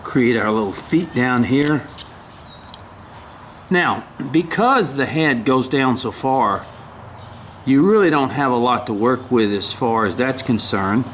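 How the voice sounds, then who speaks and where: Older guy showing how to whittle, slow and rambly, keeps clearing his throat, a little hum behind. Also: mid-range voice, lively intonation, a bit bright. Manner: halting, rambling, frequent throat clearing and apologies. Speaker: woodcarving instructor. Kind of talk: casual carving demonstration.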